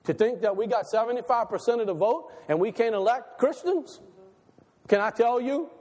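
Male pastor, very high voice, animated sermon delivery with a long hall reverb. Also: moderate pace. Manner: animated preaching, rhetorical questions, laughs between lines.

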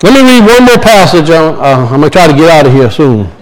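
A man's voice: on the high side, sing-song, fast, low-quality recording. A man, preaching a sermon in a folksy storytelling way and acting out the voices in his stories. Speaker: pastor.

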